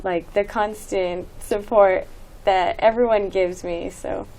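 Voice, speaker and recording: Soft-spoken teenage girl giving thanks. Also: medium pitch, fairly even intonation, slow pace. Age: late teens. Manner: soft-spoken, gushing thanks with many fillers. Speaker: graduating student. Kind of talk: interview answers.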